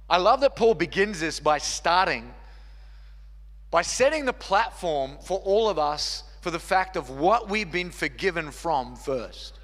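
A man's voice: fairly high pitch, very animated, a little slow, fairly bright tone. A man, preaching a sermon as pastor with an earnest, repetitive cadence. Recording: long reverb hall with faint music.

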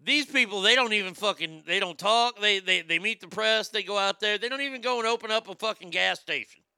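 Brief: middle-aged male host, high-pitched and gravelly, profane comic ranting. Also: a little fast, no room sound, clean studio sound. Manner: loud, profane, animated, repeats himself. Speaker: show host. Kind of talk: profane comedic rant and show segment.

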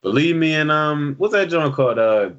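A man co-hosting a podcast, chatting casually about music in an animated, slangy way full of "yo". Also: a little high, moderate pace. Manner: animated, slangy, drops lots of "yo". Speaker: podcast co-host. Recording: dull lo-fi recording.

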